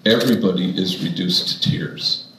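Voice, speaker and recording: A priest with a fairly low voice tells stories from the pulpit, wry at first and then earnest. His voice rings in a roomy hall, with a faint hum of the room behind him. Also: steady tone, moderate pace, a bit bright. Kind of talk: storytelling sermon to an audience.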